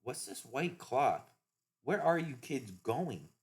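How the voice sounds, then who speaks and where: A man's voice: medium pitch, big pitch swings, slow, pitched above the performer's own voice. A man reading the lines of a worried, protective older giant from a comic. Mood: urgent.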